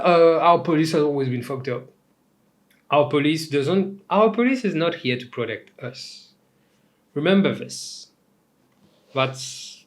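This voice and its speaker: A young man from Mauritius hosting a casual comedic commentary show, talking in an animated, rambling way with swearing and asides. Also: mid-range voice. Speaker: host.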